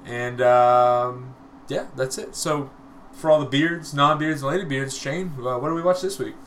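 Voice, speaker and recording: A man's voice: medium pitch, measured pace, fairly bright tone, roomy sound, slight background noise. Casual, profane man co-hosting a movie chat. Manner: joking, profane, laughs often. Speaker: podcast co-host.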